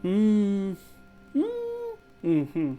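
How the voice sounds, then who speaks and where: A man voicing a small, matter-of-fact male stone spren who talks mostly in grunts and hums, with a pitch well above his own. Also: sing-song, rapid-fire, dark tone, soft background music. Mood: grunting.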